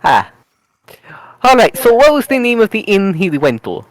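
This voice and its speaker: A man's voice: high-pitched, sing-song, moderate pace, no echo, low-quality recording. A man playing a tabletop role-playing game, switching between his own voice and his character in a playful, laughing, theatrical way. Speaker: tabletop player. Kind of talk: casual in-character tabletop play.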